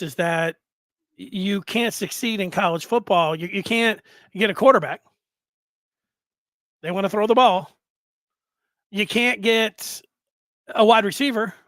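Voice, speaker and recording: A man's voice: sits high, moderate pace, pauses often, fairly bright tone, no room sound. A man in his fifties hosting a sports podcast, talking in a rambling, conversational way with asides and restarts. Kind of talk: casual sports podcast commentary.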